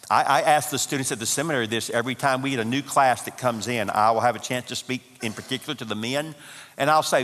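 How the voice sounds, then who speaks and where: A man's voice: mid-range voice, animated, a little fast, fairly bright tone. A man in his sixties, a seminary professor, giving a folksy, humorous talk to couples at a marriage conference. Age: 60s. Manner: folksy, humorous, emphatic with repetition. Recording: long hall reverb.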